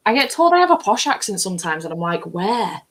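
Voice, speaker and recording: Husky-voiced Lancashire woman. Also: medium pitch, sing-song, very fast. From England, Bolton. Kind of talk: casual group chat.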